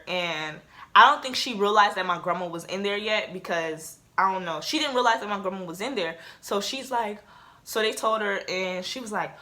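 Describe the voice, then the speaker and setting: A woman's voice: mid-range voice, sharp tone. A woman in her late teens telling a casual storytime to her camera, chatty and full of fillers. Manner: chatty, with many "like"s and "um"s. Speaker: vlogger.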